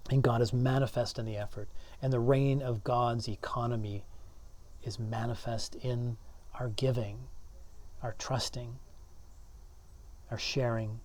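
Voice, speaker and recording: A man's voice: mid-range voice, steady tone, a little slow, long pauses, a little mellow. A man, a pastor, giving a sermon in an earnest way, often repeating words as he builds his points. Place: church.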